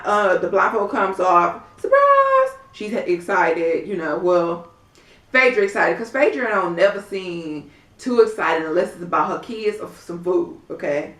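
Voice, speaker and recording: A woman's voice: medium pitch, a bit bright. A woman recapping a reality show in a sassy, blunt, profane way, acting out what the cast members said. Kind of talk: casual recap vlog. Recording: echoey room, far from mic.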